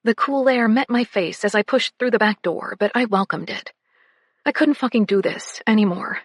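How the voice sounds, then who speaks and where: A woman narrating a first-person romance audiobook, breathy and often slipping into whispers. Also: medium pitch, normal speed, dry recording, studio quality.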